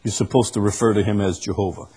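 A man's voice: on the low side, fairly even intonation, quick pace, mellow, breathy edge. A man leading a Bible study, explaining patiently and reading passages aloud with frequent fillers. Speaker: Bible teacher.

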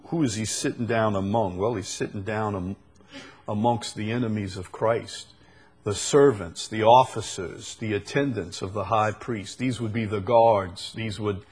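This male preacher has a husky, low voice and a New Orleans accent. He reads scripture and explains it verse by verse, deliberate at first and building to emphatic bursts.

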